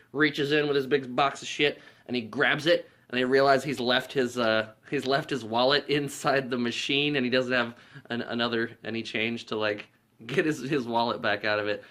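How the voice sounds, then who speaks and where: A man's voice: medium pitch, moderate pace, a bit bright. A man giving a casual movie recap as a reviewer, rambling and profane, with lots of filler words.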